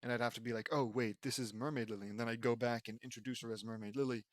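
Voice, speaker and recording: A man's voice: mid-range voice, fairly even intonation, rapid-fire, no room sound. Male amateur audiobook reader, casual and rambling, dry close recording. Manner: rambling, self-mocking commentary with laughs. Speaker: fan fiction audiobook reader. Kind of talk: reading fan fiction aloud with asides.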